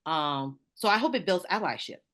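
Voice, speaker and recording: Southern American woman, low-pitched, lively storyteller, interview guest. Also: normal speed. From Southern United States. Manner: animated, laughing, storytelling. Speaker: author being interviewed. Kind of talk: conversational interview.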